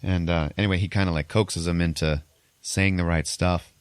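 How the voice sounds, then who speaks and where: Deep-voiced man rambling through a movie recap. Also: steady tone, normal speed, clean tone, no echo. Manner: rambling, filler-heavy retelling. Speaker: podcast host. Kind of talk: casual chat, recapping a movie.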